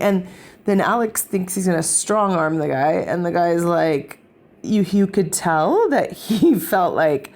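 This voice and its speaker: A woman vlogger telling a family travel story in an animated, rambling way, full of fillers. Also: medium pitch, unhurried. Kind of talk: casual storytelling to camera.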